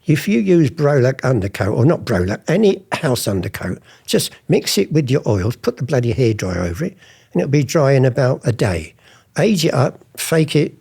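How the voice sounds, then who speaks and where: Big pitch swings mark the mid-range voice of an older former art forger, which is creaky, husky, and darkish at normal speed. During an interview he tells stories chattily, playing out old conversations in various voices.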